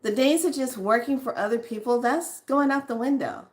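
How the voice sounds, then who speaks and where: A woman's voice: high voice, moderate pace. A woman chatting casually to her viewers, telling a long story and quoting the people she met. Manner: chatty, laughs often, quotes others in voices. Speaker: spiritual vlogger.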